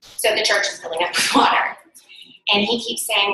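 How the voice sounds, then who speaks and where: A woman's voice: mid-range voice, moderate pace, pushed and bright, slight background noise. A woman hosting a spiritual talk, an earnest medium coaching listeners and repeating key phrases. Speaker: psychic medium, host. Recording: very echoey room.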